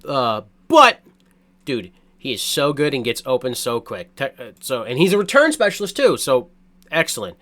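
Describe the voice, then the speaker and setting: A man's voice: mid-range voice, moderate pace. Guy ranting about draft picks, swears constantly, voice jumps all over, keeps restarting sentences. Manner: excitable, swears a lot, blunt opinions; rambling, many restarts and fillers. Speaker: sports fan reacting to a draft. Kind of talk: casual sports reaction rant.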